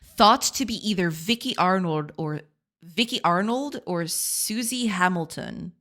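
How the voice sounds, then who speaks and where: Giggly streamer woman, bright voice. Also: on the low side, a little slow. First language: Portuguese. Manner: giggly, chatty, reads and answers chat. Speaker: game dev streamer. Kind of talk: casual live-stream chat.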